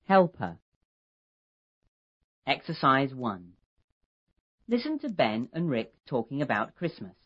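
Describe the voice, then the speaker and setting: A woman narrating an English textbook lesson, reading instructions slowly and clearly. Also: deep voice, highs cut off. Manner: slow, clearly articulated instructions.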